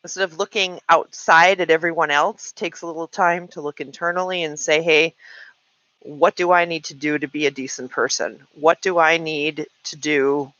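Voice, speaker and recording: A woman's voice: sits low, steady tone, moderate pace, fairly bright tone, dry recording, muffled recording. A woman in her late forties chatting frankly to her live-stream viewers, venting and answering comments. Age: 40s. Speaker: livestream host. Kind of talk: casual live-stream chat.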